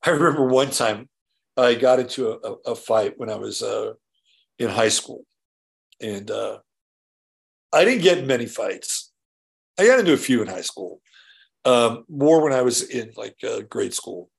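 Gravelly man telling rambling stories. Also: medium pitch, expressive, measured pace, long pauses. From California. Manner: rambling storytelling, frequent "right?" and restarts; swears casually. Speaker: show host. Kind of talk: casual solo monologue.

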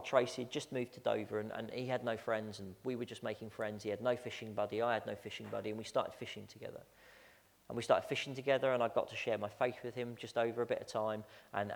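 Gravelly pastor in a reverberant church. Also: male voice, on the low side. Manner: chatty, self-mocking, frequent stammered repeats. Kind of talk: storytelling sermon. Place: church sanctuary. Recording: long church-hall reverb.

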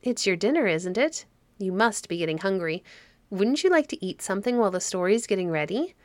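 A woman reading the part of a cheerful, kindly old caretaker woman in a fairy story, in a gentle, homely way. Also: medium pitch, animated, brisk, no echo, lightly acted.

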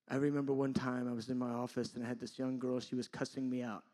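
A man pastor preaching a sermon, moving from loud, impassioned appeals to quiet, intimate asides. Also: medium pitch, fairly even intonation, fast, hardly any pauses.

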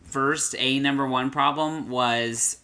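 A young adult man co-hosting a casual movie chat, animated and acting out his own reactions. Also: mid-range voice, takes it slowly. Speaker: podcast co-host.

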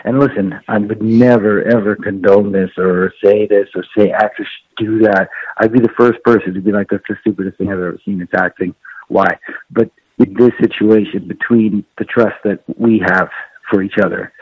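A man, an actor, recalling a filmed scene in a relaxed, halting interview. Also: lowish voice, breathy edge, no echo. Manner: relaxed, halting, many fillers. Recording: muffled, lo-fi interview clip.

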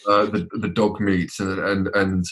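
A man's voice: deep voice, flat delivery, measured pace, fairly bright tone. A man from England, a podcast guest, chatting casually and hesitantly with many repeated words. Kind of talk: casual chat.

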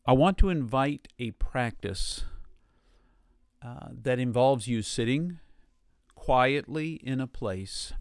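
Male meditation guide, unhurried, gentle, smooth and resonant, dry recording. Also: mid-range voice, expressive, dry recording. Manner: slow, gentle, with long pauses.

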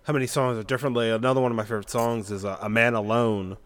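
A man's voice: medium pitch, steady tone, very fast, a little hiss or hum. A man co-hosting a music podcast, chatting casually and rambling through many fillers and restarts. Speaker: podcast co-host. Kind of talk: casual chat about music.

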